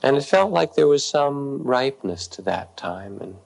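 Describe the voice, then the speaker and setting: A middle-aged man, a meditation teacher, calmly telling a story in a dharma talk with gentle, unhurried pauses. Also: mid-range voice, vocal fry.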